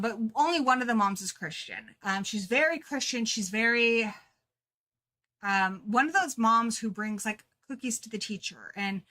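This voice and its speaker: Chatty woman gushing about a book, bright tone, kinda high voice. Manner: chatty, animated, laughs at herself. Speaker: book club co-host. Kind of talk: casual book chat.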